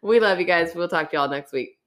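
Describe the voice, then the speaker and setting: A woman's voice: fairly low pitch, fairly quick. A woman co-hosting a podcast in casual chat, laughing often and teasing, restarting sentences as she reads listener stories aloud. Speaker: podcast co-host.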